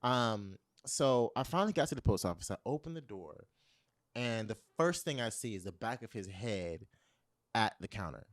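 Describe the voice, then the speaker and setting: A man, a guest on a talk show, telling a funny personal story in a dramatic, animated way with cursing asides. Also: on the low side, moderate pace, no room sound, studio quality. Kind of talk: casual storytelling chat.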